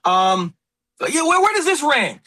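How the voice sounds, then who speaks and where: A man hosting a talk radio show, speaking in an emphatic, opinionated way about sports and politics. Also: extremely high pitch. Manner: animated, emphatic, quick asides. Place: radio studio.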